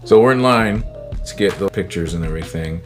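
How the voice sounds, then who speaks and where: A man telling a personal story in a casual, animated way, acting out the people he quotes. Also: low voice, brisk. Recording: guitar music under the voice. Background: guitar music.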